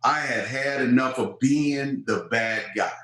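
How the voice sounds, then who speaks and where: A man's voice: medium pitch, a little slow. A man in his fifties, a former football player, telling stories in an interview and acting out quoted voices. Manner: animated storyteller, acts out quoted voices. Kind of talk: storytelling interview. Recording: roomy echo.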